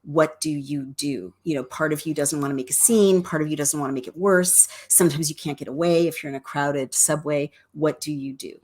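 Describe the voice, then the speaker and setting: A woman's voice: sits low, brisk, few pauses, darkish tone. A woman hosting a live stream, reading out viewer questions and talking with her guest in an affectionate way. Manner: affectionate, calls her guest darling and sweetheart. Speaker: host. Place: home, on a computer.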